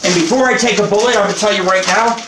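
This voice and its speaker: Foul-mouthed, boastful male host; high, bright voice, recorded off-mic in an echoey kitchen. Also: rapid-fire, distant mic, noisy background. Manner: profane, boastful, rambling. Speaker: show host. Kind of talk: rambling live cooking show chat. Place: home kitchen. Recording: roomy echo, off-mic.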